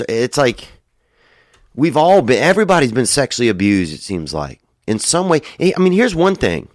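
Young male comic, deep voice, dry close sound, rambling profane monologue. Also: no room sound. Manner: profane, loose and digressive, frequent "dude" and "you know". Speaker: comedian. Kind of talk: rambling stand-up style monologue.

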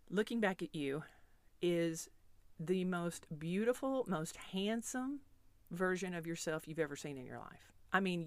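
A woman's voice: mid-range voice, dry recording. A woman self-help coach guiding the listener through a visualization exercise in a coaxing, playful way. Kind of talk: guided visualization talk.

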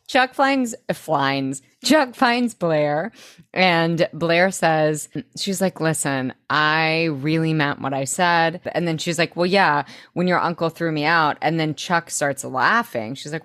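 A young Southern woman with a notably low voice, chatting animatedly as a podcast co-host while she retells scenes and quotes the characters. The recording is close and dry. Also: takes it slowly, fairly bright tone, no echo. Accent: Southern American. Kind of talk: casual recap chat.

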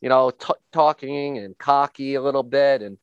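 A man's voice: medium pitch, normal speed, clear, resonant tone, no room sound, muffled recording. A middle-aged man, a former hockey player, telling stories in a casual, rambling chat and often repeating words as he starts a sentence.

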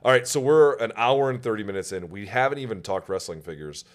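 A male podcast host with a lowish voice talks at a quick pace. He tells stories in a casual, profane, self-mocking style, keeping the chat relaxed.

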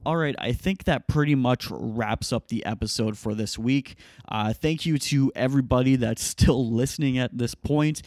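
A man's voice: mid-range voice, normal speed, a little mellow, dry recording, clean studio sound. A man hosting a podcast, introducing segments in a casual, chatty way. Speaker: podcast host.

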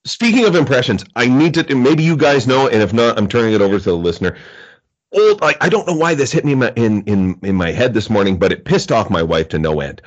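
A man's voice: mid-range voice, very animated, fast, lo-fi sound. A man co-hosting a comedy podcast, telling stories in casual chat and acting out the voices of people he quotes. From Canada. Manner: storytelling, acts out quoted voices. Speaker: podcast co-host.

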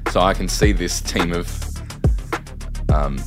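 A man with an Australian accent co-hosting a casual podcast chat, joking in a deadpan way. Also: deep voice, takes it slowly, loud music behind the voice. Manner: joking, deadpan, bursts into loud sing-song rapping. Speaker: podcast co-host.

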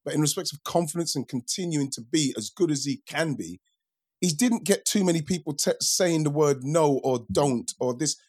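A man's voice: fairly high pitch, moderate pace, a little mellow, slightly rough. A man chatting on a podcast, telling sports stories in a reflective way and often repeating words as he goes. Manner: reflective, repeats himself while storytelling. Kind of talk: casual chat.

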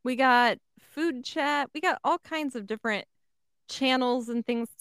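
A woman's voice: high-pitched, a little slow, fairly bright tone, smooth, no echo, studio quality. A woman co-hosting a podcast, chatting in an easygoing, agreeable way. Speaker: podcast co-host. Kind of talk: casual comedic chat.

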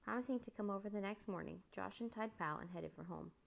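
A woman reading a children's chapter book aloud as narrator, in steady storytelling. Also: mid-range voice, fast talker, gravelly.

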